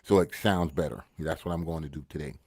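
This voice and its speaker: A man's voice: a bass voice, fast talker, a little mellow, breathy edge, no room sound. A man co-hosting a podcast, a rapper talking about music in a laid-back way, swearing and often asking "you know what I mean". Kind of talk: casual podcast chat.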